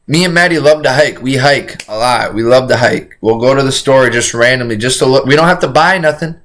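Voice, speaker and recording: A man's voice: mid-range voice, fairly quick, fairly bright tone. A man streaming a casual reaction, rambling in slangy, profane talk and saying "bro" constantly. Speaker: streamer reacting to a crime video.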